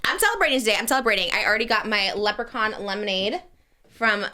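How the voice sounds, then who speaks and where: A woman's voice: medium pitch, expressive, quick pace, pushed and bright. A woman hosting a podcast, chatting casually in a playful, rambling way. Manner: playful, rambling, puts on joke voices. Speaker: podcast host. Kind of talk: casual gossip chat.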